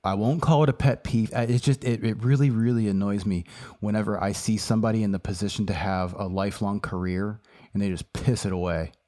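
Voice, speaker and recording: A man's voice: lowish voice, fairly even intonation, fairly quick, dark tone. A man co-hosting a casual podcast chat, rambling loosely and searching for his words. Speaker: podcast co-host.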